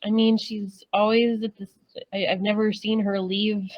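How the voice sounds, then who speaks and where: A woman's voice: mid-range voice, flat delivery, normal speed, dry recording, dull audio. A woman playing in a tabletop game who talks playfully and thinks aloud as she plans. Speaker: player.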